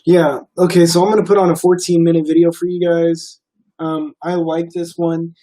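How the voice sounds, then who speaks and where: A young man chats on his livestream in a relaxed, rambling way, filling his pauses with ums and likes. His voice sits a little high for a man, with a mellow, soft tone. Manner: relaxed, rambling, many fillers. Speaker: livestream host. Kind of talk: casual livestream chat.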